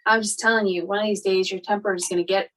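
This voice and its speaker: A woman's voice: mid-range voice, fairly even intonation, fast, slight background noise, rough recording. A woman co-hosting a podcast, chatting casually and teasing her husband in a matter-of-fact way. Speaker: podcast co-host. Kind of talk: casual chat.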